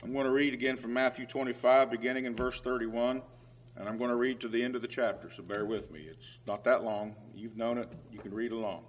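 A man preaching a sermon with emphatic swings in loudness who reads scripture aloud in old-fashioned biblical phrasing. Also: medium pitch, steady tone, brisk.

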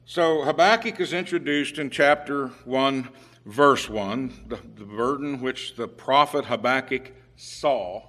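Speaking slowly at a medium pitch, a man preaches a sermon conversationally, full of fillers and restarts. When he gives voice to the prophet's cries, he climbs into loud, emphatic pleading.

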